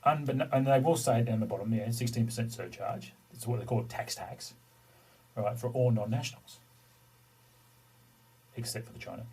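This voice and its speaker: A man's voice: medium pitch, moderate pace, long pauses, a little mellow, slightly rough, recorded from a distance, low-quality recording. A middle-aged man, a podcast co-host, telling a rambling story in casual chat and swearing loosely now and then.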